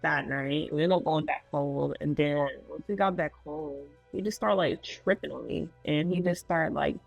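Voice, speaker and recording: Gravelly-voiced woman telling her story. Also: low voice, moderate pace, muffled recording, soft background music. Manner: loose and conversational, full of "like" fillers. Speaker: guest sharing her story. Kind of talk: casual personal storytelling.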